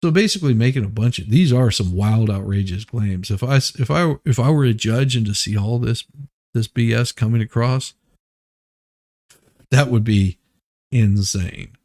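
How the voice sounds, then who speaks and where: Gravelly man riffing on the news. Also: medium pitch, moderate pace, darkish tone. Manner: rambling, restarts, laughs at absurd claims. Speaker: host. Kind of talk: casual commentary on news.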